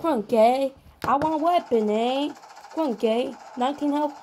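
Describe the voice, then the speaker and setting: A high-voiced man voicing a clumsy mock Australian-accented gamer, tagging "eh" onto his lines. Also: moderate pace, a little mellow, a little hiss or hum. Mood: joking. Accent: put-on Australian.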